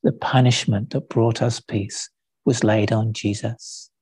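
A man preaching a sermon, speaking slowly and deliberately, lifting his voice for quoted lines. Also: lowish voice, level tone, darkish tone, husky, no echo. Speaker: pastor. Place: church.

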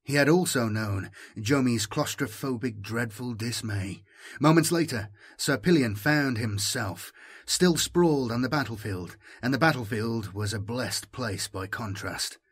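A man narrating an audiobook in a measured, dramatic manner. His voice is husky and sits at an ordinary pitch. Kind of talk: scripted narration.

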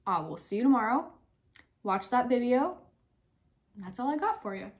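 A young woman teacher records a spelling lesson for young pupils in a slightly high, sing-song voice. She spells words slowly, one letter at a time, and encourages the children.

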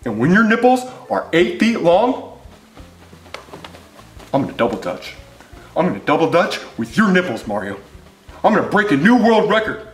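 A greedy, pompous landlord in a comedy puppet sketch, smug and taunting. His voice sits high and leaps wildly up and down, dropping into low growls for threats. The room rings with echo. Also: sing-song, moderate pace, pauses often, soft background music.

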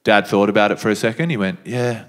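A man's voice: fairly low pitch, fairly even intonation, fast talker, fairly bright tone. A young man with an Australian accent doing laid-back stand-up storytelling on stage. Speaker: stand-up comedian.

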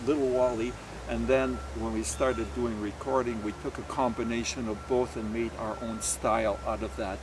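A man's voice: medium pitch, recorded from a distance, background noise. A man from Canada, a polka musician, telling stories in a casual interview with many fillers. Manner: rambling, anecdotal, with many fillers.

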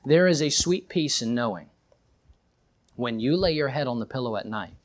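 High-voiced preacher. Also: male voice, normal speed. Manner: rises to fervent peaks, drops to quiet reflection. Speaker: pastor. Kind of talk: sermon.

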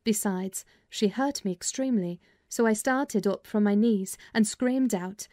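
A woman narrating a dramatized audiobook of a classic novel, with a measured, expressive storytelling manner. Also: medium pitch, dry recording, studio quality.

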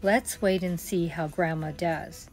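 A woman's voice: lowish voice, fairly even intonation, unhurried, darkish tone, faint music behind. An older woman chatting in a friendly way as a home decor vlogger. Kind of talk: casual decorating vlog.

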